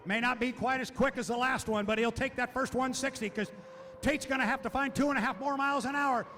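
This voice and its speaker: A man calling live boat race commentary, excited and shouting as the action peaks. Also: extremely high pitch, a little fast, a little hiss or hum. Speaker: race announcer.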